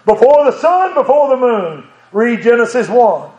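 High-voiced preacher in an echoey church. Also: male voice, sing-song, moderate pace, a little mellow, highs cut off. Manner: emotional, rising into fervent preaching with chuckles. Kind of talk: sermon.

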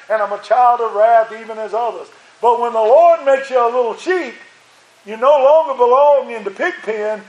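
A high-voiced male pastor delivers a sermon to his congregation, hammering his points home through repetition. The effort leaves his voice sounding strained, and the sound echoes around the church sanctuary.

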